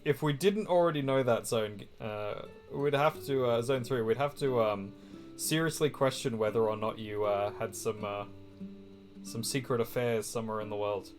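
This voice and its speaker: A man's voice: mid-range voice, normal speed, soft background music. Easygoing man telling dad jokes. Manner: relaxed, hesitant, full of fillers and restarts. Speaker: co-player and streamer. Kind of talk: casual chat while gaming.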